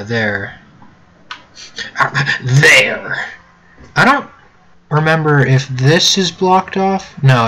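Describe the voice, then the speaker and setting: In a low-quality recording, a mid-range, slightly bright male voice narrates his own gameplay. The young American host keeps it casual, rambling and cracking jokes with mock-British catchphrases, a faint hum audible behind him.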